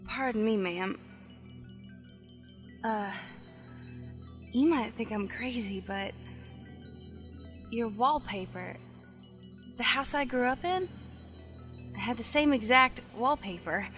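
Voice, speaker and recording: A woman playing a polite slow-spoken missionary. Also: fairly high pitch, a bit bright, faint music behind. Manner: polite, says ma'am often. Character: polite young woman, a door-to-door church missionary. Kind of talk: audio drama acting.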